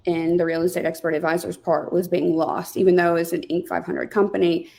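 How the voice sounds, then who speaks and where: A woman with a gravelly, fry-tinged voice chats as an interview guest. She talks over a video call, telling stories in a casual, animated way and often pausing on fillers. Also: on the low side. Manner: chatty, animated storyteller with many fillers. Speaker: guest, real estate team leader.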